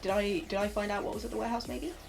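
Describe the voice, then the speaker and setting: A woman's voice: medium pitch, fairly even intonation, very fast, creaky, faint music behind. A woman player at a tabletop game, switching between describing her character and joking exasperation. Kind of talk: tabletop role-play, in and out of character.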